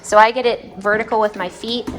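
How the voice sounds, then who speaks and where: A woman's voice: on the high side, fairly even intonation, brisk, background noise. A woman chatting casually in a home vlog about her service dog and his food, sometimes stopping to talk to her dogs. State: close to tears with joy. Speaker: vlogger and service dog handler.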